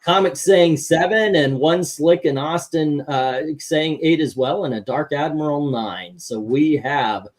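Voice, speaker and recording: A man's voice: fairly high pitch, unhurried, few pauses. A man hosting a casual panel that ranks comic covers. He reads out viewer scores and rambles through his counting with lots of fillers. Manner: rambling, many fillers while counting aloud.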